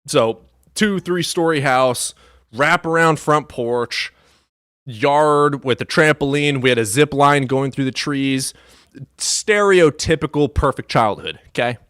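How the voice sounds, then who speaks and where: A man from the US Midwest live streaming, chatting in a profane, animated way that swings between loud outbursts and low mutters. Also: measured pace, dry recording, clean studio sound. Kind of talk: casual livestream chat.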